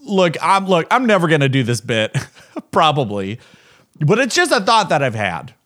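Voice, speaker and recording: A man's voice: on the high side, very animated, normal speed, fairly bright tone. A man hosting his own podcast, a stand-up comic telling a rambling, self-deprecating bit with lots of fillers and acted-out voices. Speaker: podcast host and stand-up comedian. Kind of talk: casual comedic monologue.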